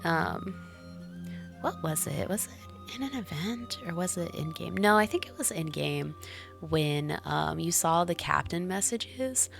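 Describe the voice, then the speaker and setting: A woman's voice: on the low side, animated, a little slow, vocal fry, soft background music. Bubbly, giggly young woman streamer. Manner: bubbly and giggly, chatting with viewers. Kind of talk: casual live-stream chat while gaming.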